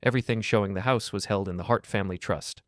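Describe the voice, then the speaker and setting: In a first-person story, a man narrates with a measured, calm delivery and a very deep voice. There's no room sound at all; the recording is dry and close-miked.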